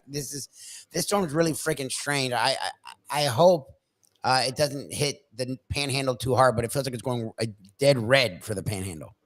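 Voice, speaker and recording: A man's voice: mid-range voice, fairly bright tone. A man co-hosting a morning radio show, laid-back and casual, who laughs easily and swears offhandedly. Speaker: radio co-host.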